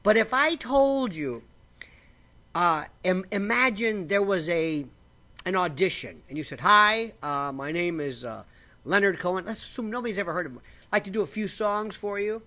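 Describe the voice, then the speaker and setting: A man talking casually to camera from a simple home setup in a rambling, animated way, often restarting his sentences and sipping coffee as he goes. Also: sits high, normal speed. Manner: slurps coffee while talking. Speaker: vlogger.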